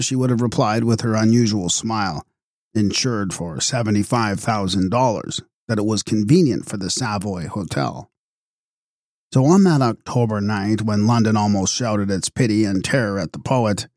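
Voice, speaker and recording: A man narrating an audiobook in a measured, wry tone. His voice sits low, and the recording is close and dry with no room echo. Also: darkish tone.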